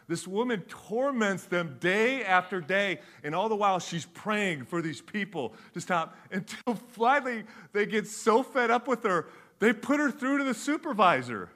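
Middle-aged male preacher, slightly high, bright voice, acts out the stories in his sermon. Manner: animated storytelling, acts out voices, swings from loud to hushed. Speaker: pastor.

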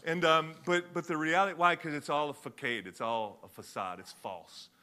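A man's voice: a little high, steady tone, normal speed, bright, forceful tone. A man preaching a sermon as a pastor, talking conversationally with many fillers and restarts.

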